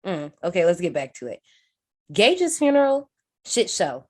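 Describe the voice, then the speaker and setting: A woman's voice: mid-range voice, sing-song, normal speed. A woman casually recapping a horror movie on a podcast, swearing freely and acting out the characters' lines. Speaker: podcast co-host.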